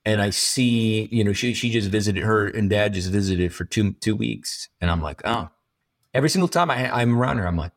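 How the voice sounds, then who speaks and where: A man's voice: fairly low pitch, brisk. A man speaking as an interview guest, frank and rambling, swearing freely and restarting his sentences often. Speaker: guest entrepreneur. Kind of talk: candid conversational interview.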